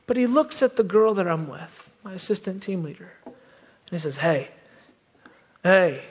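Brief: male preacher, lively storyteller, high-pitched, reverberant hall. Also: brisk, breathy edge. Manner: animated, self-deprecating. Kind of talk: sermon storytelling. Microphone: wearing a microphone.

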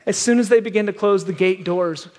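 A man preaching from a stage, telling a story in an animated, self-deprecating way, on a microphone in a large hall. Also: high-pitched, brisk. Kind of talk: sermon storytelling. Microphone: wearing a microphone. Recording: long hall reverb.

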